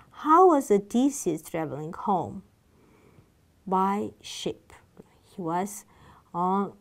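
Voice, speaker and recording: A woman's voice: mid-range voice, darkish tone. Woman teaching English. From Georgia. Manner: explains and repeats patiently, questions the class. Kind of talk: classroom lesson.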